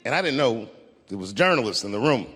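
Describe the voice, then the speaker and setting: A middle-aged man doing stand-up comedy, telling stories in a profane, animated way and acting out other people's voices. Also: mid-range voice, quick pace, a little hiss or hum. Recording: live stage recording with long hall reverb.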